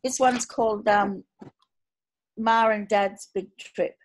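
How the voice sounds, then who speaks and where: An Australian woman author reading her own short story aloud in an unhurried, broad colloquial style. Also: medium pitch, fairly even intonation.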